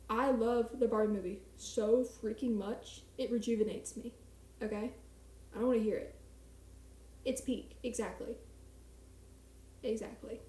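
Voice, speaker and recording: A woman's voice: a little high, fairly even intonation, a little slow, pauses often, warm tone, roomy sound, a little hiss or hum. A young woman streamer chatting casually and rambling, with a self-mocking manner, in a small home apartment at night. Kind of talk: casual live-stream chat.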